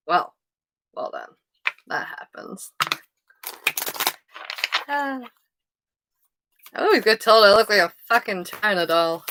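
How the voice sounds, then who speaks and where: A woman with a slightly high voice talks through a tarot reading in a loose, chatty vlog style. She wanders off on tangents, swears casually and pokes fun at herself. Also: lively intonation, measured pace, long pauses, background noise. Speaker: tarot card reader.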